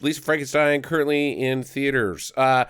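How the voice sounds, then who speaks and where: A man's voice: medium pitch, moderate pace, fairly bright tone, clear, resonant tone, no echo, studio quality. A man co-hosting a movie review podcast, chatting casually and rambling with fillers as he recaps the story. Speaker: podcast co-host.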